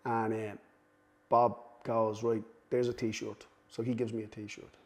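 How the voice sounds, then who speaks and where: A man's voice: lowish voice, little pitch movement, unhurried. Man telling a sweary story. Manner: swears freely, self-deprecating, acts out quoted voices. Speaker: guest, cutman. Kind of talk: casual anecdotal storytelling.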